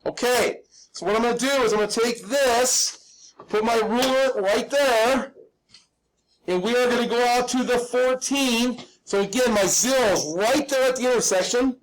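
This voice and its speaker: A man's voice: extremely high pitch, moderate pace, rough recording. A man teaching a live hand-drawing class step by step, patient and reassuring, checking in with his students. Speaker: drafting instructor.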